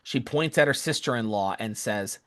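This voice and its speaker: A man's voice: medium pitch, moderate pace, a bit bright. A man telling a missionary story with an earnest, casual manner, often correcting himself mid-sentence. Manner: earnest, self-correcting, acts out quoted voices.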